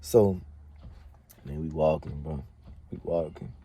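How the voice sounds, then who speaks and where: A man's voice: rumbling low, takes it slowly, dark tone, husky, no echo. A young man telling a story in casual slang, swearing freely and filling his talk with "like" and "man". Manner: slangy and profane, packed with "like" and "man" fillers.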